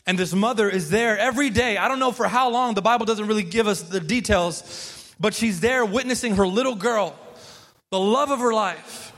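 A man's voice: high voice, fairly bright tone, big-room sound. A man preaching a sermon, telling the story in a casual, conversational way with emphatic repetition. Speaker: pastor.

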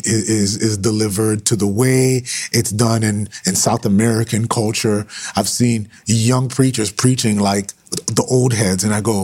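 Husky male preacher on a livestream, fervent, repeats lines for emphasis. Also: fairly low pitch, darkish tone. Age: adult with sons.

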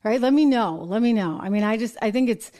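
An American woman hosts a live political commentary show, her voice sitting a little high. She talks in an animated, opinionated way and slips into mock voices when she quotes people. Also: brisk. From United States. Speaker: host.

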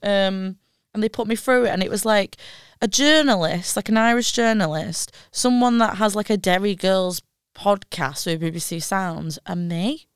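A woman's voice: mid-range voice, moderate pace, clear, resonant tone, no echo, clean studio sound. A woman co-hosting a podcast, casually telling a story with lots of laughter and acted-out dialogue. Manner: storytelling, laughing, mimics others' lines. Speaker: podcast co-host. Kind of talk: casual chat.

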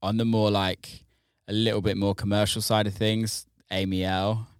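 Man, very deep voice, smooth, dry close sound, relaxed casual host. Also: no room sound. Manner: relaxed, swears casually, halting. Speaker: podcast host, DJ. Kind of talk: casual interview chat.

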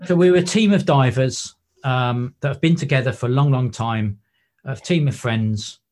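A man's voice: mid-range voice, normal speed. A man, a wreck diver and photographer, telling stories in a podcast interview. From England. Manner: animated anecdotes with acted-out quotes.

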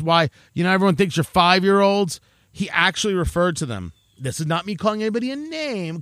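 A man delivering a rambling, animated opinion monologue, often interrupting himself. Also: a little high, no echo, studio quality. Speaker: commentator.

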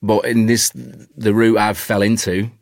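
A man's voice: lowish voice, little pitch movement, unhurried, dry recording, clean studio sound. A man from Warrington with a northern English accent, talking animatedly and chattily as an actor guest in a casual conversation. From Warrington, England.

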